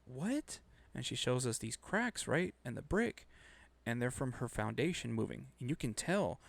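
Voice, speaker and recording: A man tells a story in a relaxed, chatty way, cursing often and getting worked up. His middle-pitched voice has a gravelly edge. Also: moderate pace, dry recording. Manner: profane, animated storyteller. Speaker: podcast co-host. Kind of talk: casual storytelling chat.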